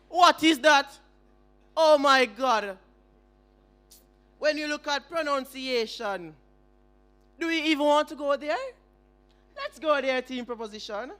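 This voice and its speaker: A man's voice: extremely high pitch, takes it slowly, pauses often, bright, forceful tone. A young man with a Jamaican accent giving a formal debate speech as first opposition speaker, firing rhetorical questions at the audience and opponents.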